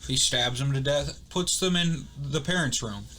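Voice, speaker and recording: A young man co-hosting a casual podcast, rambling through stories with quick asides and acted-out quotes. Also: medium pitch, bright, forceful tone. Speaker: podcast co-host. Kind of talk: casual chat.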